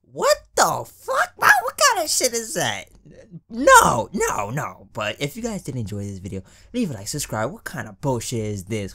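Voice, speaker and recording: A man hosting a reaction video, casually commenting with loud, profane, incredulous outbursts. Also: mid-range voice. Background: beatbox battle video playing.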